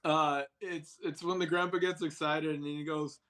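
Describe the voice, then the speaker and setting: A man's voice: moderate pace, a little hiss or hum. A man co-hosting a casual movie podcast with friends, acting out quotes with big jumps in his voice. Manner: animated, acts out quotes with jumps in pitch. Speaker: podcast co-host.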